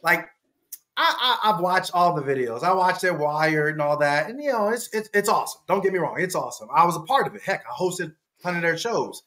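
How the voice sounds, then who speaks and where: A man telling a story as a podcast guest, animated and laughing, jumping in pitch to act out quotes. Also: fairly quick. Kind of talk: casual storytelling.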